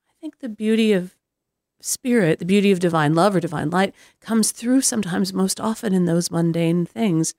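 A woman's voice: on the low side, normal speed, a little mellow, dry recording. Thoughtful woman interviewer, dry close sound. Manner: thoughtful, musing. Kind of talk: interview questions and reflections.

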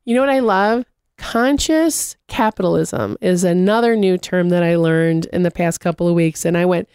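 A woman in casual conversation, telling animated stories and acting out what people said. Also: on the low side, moderate pace, smooth, no echo, clean studio sound. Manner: animated storyteller, acts out quotes.

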